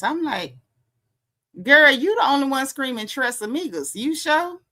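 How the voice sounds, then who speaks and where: A woman casually recapping reality TV, telling it as an animated story and acting out the quotes. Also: high-pitched, measured pace. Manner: animated storytelling, acts out quotes, frequent laughs.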